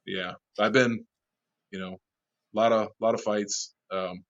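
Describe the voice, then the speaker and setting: A lively man spins a wild bar story, laughing through it and cursing freely. His voice sits at an ordinary pitch. The recording is dull and lo-fi. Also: slow. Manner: animated, laughing, swearing often. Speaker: interview guest, bar manager. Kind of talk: casual storytelling.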